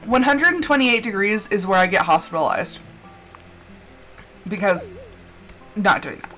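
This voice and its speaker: A woman's voice: mid-range voice, lively intonation, a little slow, pauses often, pushed and bright, faint music behind. A woman livestreaming a game, telling a rambling story in casual chat with lots of fillers and playful drama. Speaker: livestreamer playing a farming game. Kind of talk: casual chat while gaming.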